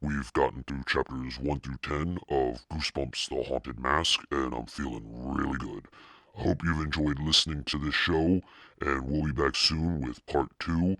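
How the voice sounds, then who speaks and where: A man hosting a reading podcast as the devil, narrating a book slowly in a sinister persona. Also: fairly even intonation, bright, forceful tone, dry recording, studio quality. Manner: slow, deep gravelly devilish delivery.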